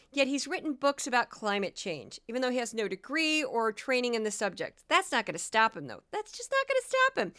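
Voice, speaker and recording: A woman's voice: on the high side, bright, forceful tone, smooth. A woman from Missouri hosting a solo podcast, talking in a casual, sarcastic and mocking way. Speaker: podcast host.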